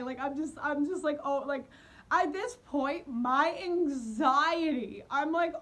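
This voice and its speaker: A young woman telling a dating horror story in a storytime vlog, animated and giggly, mocking herself. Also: high-pitched, takes it slowly. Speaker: vlogger.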